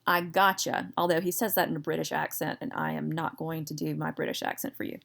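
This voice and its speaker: Gravelly low-voiced woman teacher. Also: flat delivery, fast talker. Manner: chatty, digressive, self-deprecating humor. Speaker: history teacher. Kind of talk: recorded classroom lecture.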